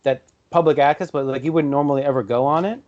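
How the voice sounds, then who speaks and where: A young man co-hosting a podcast, talking in a relaxed, offhand way and swearing casually. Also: a little high, fast talker. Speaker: podcast co-host. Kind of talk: casual chat. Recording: dull lo-fi podcast audio.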